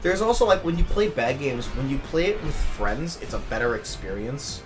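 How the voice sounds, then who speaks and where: A man's voice: mid-range voice, expressive, moderate pace. A young man hosting a casual gaming podcast, ranting emotionally and swearing often. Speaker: podcast host. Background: music.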